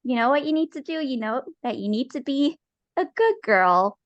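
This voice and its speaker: A woman playing a falsely gentle, controlling father. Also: high voice, expressive, moderate pace, dry recording, dull audio, voice pushed up. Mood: coaxing stern. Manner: coaxing, insistent, falsely gentle.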